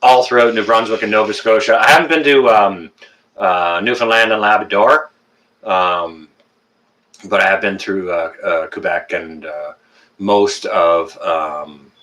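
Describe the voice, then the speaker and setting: A Canadian man in his fifties hosts a relaxed live stream and talks straight to his viewers. His voice sits fairly low and has a bright, forceful edge. He jokes and teases, and he stops often on fillers and restarts. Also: unhurried. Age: 50s. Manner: joking, teasing, many fillers and restarts. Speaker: livestream host.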